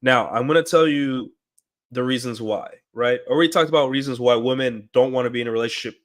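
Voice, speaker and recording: A man talking straight to his stream audience in a loose, rambling monologue. His voice sits at an ordinary middle pitch, and he leans on fillers and restarts as he goes. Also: fairly quick. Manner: rambling, with frequent fillers and acted-out quotes. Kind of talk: casual monologue.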